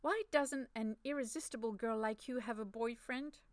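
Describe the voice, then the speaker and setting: A woman's voice: fairly high pitch, normal speed, no echo, lightly acted. A woman doing a charming, teasing older Frenchman. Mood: flirtatious.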